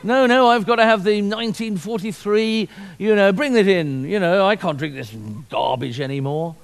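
A man's voice: high-pitched, normal speed, gravelly. A man voicing a smug rich man in a sermon, boasting and scornful about food and drink. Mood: boastful.

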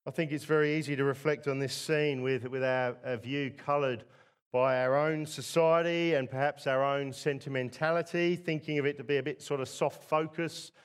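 A man's voice: fairly high pitch, clean tone. A middle-aged man from England preaching a sermon in a conversational way, often asking the congregation rhetorical tag questions.

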